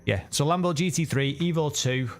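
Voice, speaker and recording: A man's voice: fairly high pitch, moderate pace, soft background music. A man chatting casually and correcting himself while commenting on a racing game live. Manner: chatty, rambling, self-correcting. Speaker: sim racing streamer.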